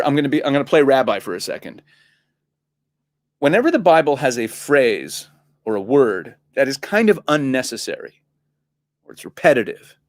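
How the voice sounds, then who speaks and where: A man, a rabbi, talking as a guest on a studio talk show, animated and laughing often, restarting and repeating words as he explains. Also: medium pitch. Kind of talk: casual talk-show conversation.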